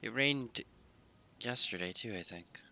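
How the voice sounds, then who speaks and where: A man's voice: lowish voice, animated, measured pace, gravelly, pushed and bright. A man casually commenting on his gameplay in a laid-back, drowsy, mumbling way. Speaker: gaming YouTuber.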